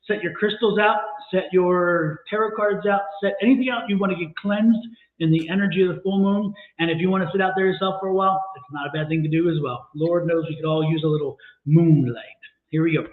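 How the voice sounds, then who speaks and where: Brief: upbeat, high-pitched man hosting a livestream, coaxing viewers step by step, echoey phone-like sound. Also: fairly even intonation, a little fast. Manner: upbeat, urging viewers with repeated instructions. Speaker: tarot reader co-host. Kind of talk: livestream chat.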